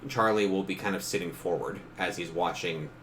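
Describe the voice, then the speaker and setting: His low-pitched voice has a fairly bright tone and moves a little fast as he serves as game master for a laid-back tabletop session. He laughs frequently and briefly acts out characters, with slight noise in the background.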